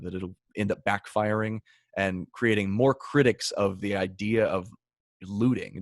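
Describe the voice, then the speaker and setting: A man co-hosting a podcast, laying out an argument in a measured way. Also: on the low side, no echo, studio quality. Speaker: podcast co-host. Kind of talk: casual discussion.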